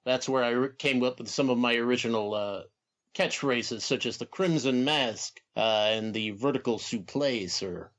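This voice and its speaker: Guy doing a low stately old announcer voice, formal and slow. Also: fairly bright tone, highs cut off, close to an everyday voice. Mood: courtly. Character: courtly older male wrestling announcer, formal, deep.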